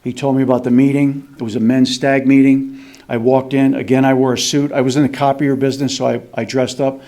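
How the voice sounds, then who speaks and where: A man's voice: medium pitch, level tone, fairly quick, mellow. A middle-aged man sharing his personal recovery story at a meeting, in a candid, confessional way. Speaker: AA meeting speaker.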